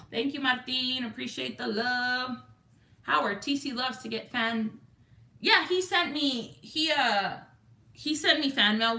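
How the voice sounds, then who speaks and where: A woman's voice: fairly high pitch, gravelly, pushed and bright. A woman with a Texan accent hosting a livestream, chatting casually and greeting viewers from the chat. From Texas. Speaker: livestream host.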